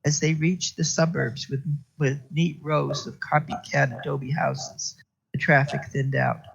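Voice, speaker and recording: A man reading a crime novel aloud in a steady narrating voice that stumbles and restarts now and then. His voice is gravelly with a husky edge, and the recording is dull and lo-fi. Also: a little high, measured pace. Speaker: reader.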